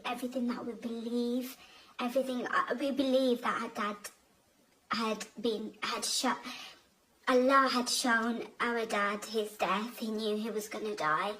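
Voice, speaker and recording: A young woman telling a personal family story in a halting, emotional way, with many restarts. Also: fairly high pitch, steady tone, noisy background. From Bangladeshi family. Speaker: guest telling her conversion story.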